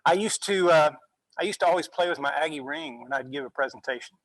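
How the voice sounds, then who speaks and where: A male university instructor giving a relaxed classroom lecture, often checking in with "okay?" as he goes. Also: on the high side, fast, no echo, low-quality recording. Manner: conversational, frequent "okay?" check-ins.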